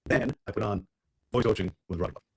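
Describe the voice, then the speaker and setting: A man hosting a relaxed interview talks quickly in a low voice with a gravelly edge. His tone is a bit husky. He keeps the chat moving with friendly follow-up questions. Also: poor audio. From Tampa. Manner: chatty, asks follow-up questions. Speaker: interview host.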